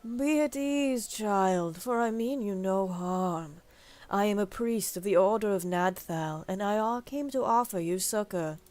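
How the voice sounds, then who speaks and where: Woman doing a slow, solemn male priest. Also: medium pitch, darkish tone, close to an everyday voice. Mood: pious. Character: sly male priest, pleading when caught.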